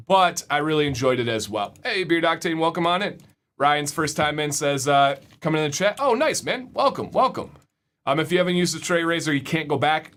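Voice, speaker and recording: A man's voice: fairly high pitch, a bit bright. A young man hosting a casual livestream, upbeat, often repeating words as he reads the chat. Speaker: livestream host.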